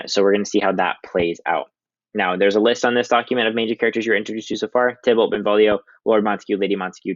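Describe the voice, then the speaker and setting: A man's voice: on the low side, no echo. A male teacher explaining a play in a casual, chatty way with many ums. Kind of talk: recorded literature lesson. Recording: dull lo-fi dry recording.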